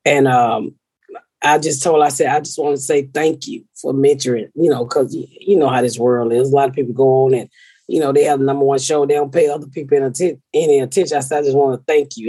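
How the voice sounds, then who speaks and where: Husky, foul-mouthed woman telling stories. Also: rumbling low, fast talker, dry recording. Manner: profane, storytelling with animated quoted voices. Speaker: podcast host. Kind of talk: casual chat.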